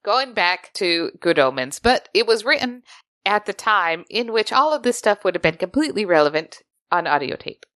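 A woman's voice: medium pitch, very animated, normal speed, a bit bright, no echo, studio quality. A woman co-hosting a podcast in casual chat, easygoing and agreeable. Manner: easygoing, agreeable, lots of "yeah". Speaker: podcast co-host.

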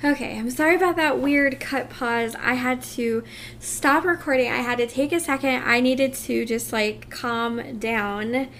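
A woman's voice: high voice, measured pace, a bit bright, slight background noise. A woman talking in a casual confessional vlog, heartfelt and rambling with many fillers and restarts, emotional and close to tears. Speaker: vlogger.

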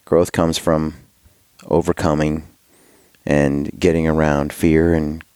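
A man talking as a podcast guest in a laid-back, slangy way. His voice sits very deep. The recording is dry and close. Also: level tone, takes it slowly, a little mellow, clean tone, dry recording. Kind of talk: casual podcast chat.

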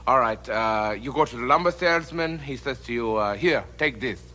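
An actor playing a pompous German-accented home-improvement instructor who lectures and rants at viewers in a comedy sketch. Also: male voice, medium pitch, lively intonation, moderate pace, sharp tone. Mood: lecturing. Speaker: comedy sketch character played from archive.

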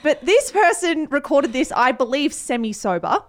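A woman's voice: sits high, very animated, moderate pace. A woman co-hosting a podcast in casual, bubbly chat, laughing often. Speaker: podcast co-host.

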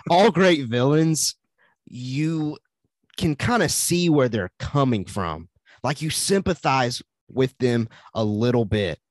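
A man co-hosting a podcast, talking through opinions in a measured way, often pausing and restarting his thoughts. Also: mid-range voice, animated, no room sound. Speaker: podcast co-host. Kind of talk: casual fan discussion.

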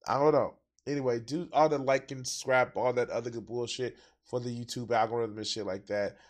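A man's voice: mid-range voice, steady tone, fairly quick. A man hosting a reaction video, talking casually with profane, exasperated outbursts.

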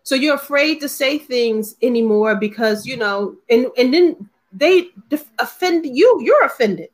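A woman's voice: sits high, expressive, measured pace. A woman talking bluntly and emphatically in a casual panel discussion, swearing freely and mimicking others' lines.

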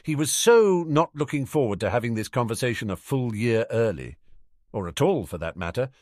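Brief: male audiobook reader, mid pitch, animated storytelling. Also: normal speed, no room sound, clean studio sound. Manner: expressive storytelling. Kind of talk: fan fiction audiobook narration.

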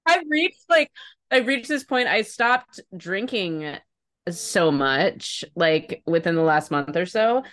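A woman's voice: lowish voice, lively intonation, slow, fairly bright tone. A young woman co-hosting a podcast, telling a rambling story in casual chat and swearing freely. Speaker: podcast co-host.

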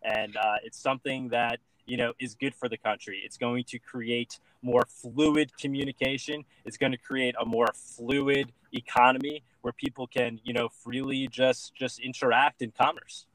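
A man's voice: mid-range voice, little pitch movement, moderate pace, few pauses, fairly bright tone, poor audio. A man talking as an interview guest, earnestly making his case with many fillers and repeated words. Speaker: guest, political candidate. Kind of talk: casual interview chat.

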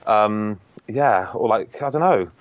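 A man's voice: lowish voice, lively intonation, slow, dry recording, dull audio. A man in casual podcast chat, hesitant and self-deprecating, full of ums and restarts. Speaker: guest co-host of a book podcast.

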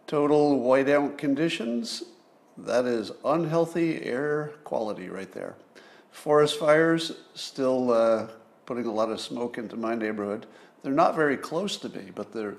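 A man's voice: medium pitch, expressive, measured pace. A man, hosting a casual livestream monologue from home and chatting with his viewers as he muses. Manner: conversational, musing, talks to live viewers. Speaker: podcast host. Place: home, near a window.

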